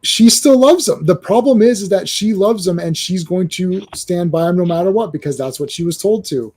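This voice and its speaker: A man hosting a casual comic book discussion, animated, with stammering restarts and acted-out quotes. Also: high-pitched, normal speed, husky. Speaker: comic book show host.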